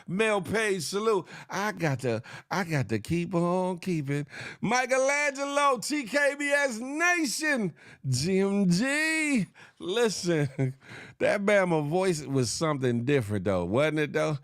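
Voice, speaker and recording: Man hosting a comedic commentary show, high-voiced, dry close sound, laughs a lot and names viewers. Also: very animated, slow, no room sound. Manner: joking and laughing, riffing on the news; reads out and shouts out viewers by name. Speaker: host.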